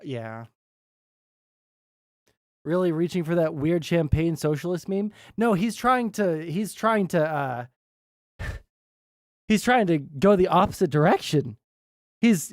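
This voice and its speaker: A man's voice: sits high, expressive, unhurried, pauses often, dry recording, studio quality. Profane, rambling male streamer. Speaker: streamer reacting to videos. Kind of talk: casual reaction commentary.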